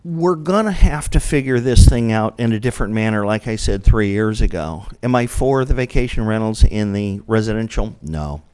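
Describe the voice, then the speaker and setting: A man giving a blunt public comment at a city council meeting into a podium microphone, asking himself questions and answering them flatly. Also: fairly low pitch, normal speed, few pauses, clean tone.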